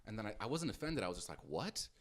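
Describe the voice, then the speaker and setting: Low-voiced podcast co-host with lively pitch; loose, chatty storyteller. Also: male voice, racing. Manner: animated, acts out quotes in high voices. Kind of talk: casual storytelling.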